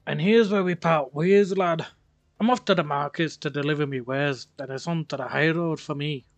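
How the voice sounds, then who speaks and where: A friendly, talkative traveling merchant with a put-on blend of Scottish and Irish accents, as a man reads him out. The voice sits a little high and sounds dry and close. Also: moderate pace, no room sound, natural voice. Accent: put-on mix of Scottish and Irish.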